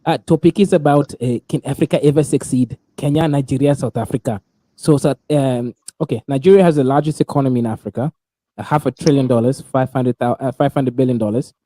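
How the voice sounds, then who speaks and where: Very dark-voiced male host. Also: mid-range voice, fairly quick, no echo. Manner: loose, joking banter. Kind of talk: casual group call.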